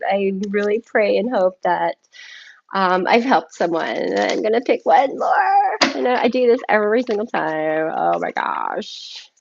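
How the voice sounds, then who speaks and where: A woman reading tarot cards and channeled messages on a solo live stream, excitable and effusive, often thanking spirit. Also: on the high side, vocal fry, highs cut off, background noise. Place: home, by herself.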